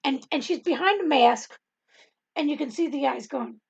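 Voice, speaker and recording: A woman's voice: sits high, a little slow, gravelly, dull audio. A middle-aged woman telling a rambling testimony in casual talk, with many ums and frequent laughter. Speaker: Bible study host and teacher.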